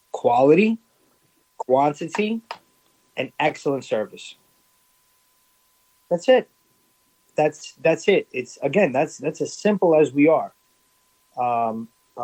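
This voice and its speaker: A middle-aged food business owner talking in a casual interview, his voice sitting a little high for a man. He is emphatic and drives his points home by repeating phrases. He restarts his sentences often. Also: darkish tone, husky, poor audio.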